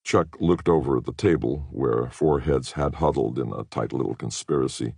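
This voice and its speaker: Very deep gravelly male narrator. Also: normal speed, hardly any pauses, warm tone, dry recording, clean studio sound. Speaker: audiobook narrator. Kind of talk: scripted narration.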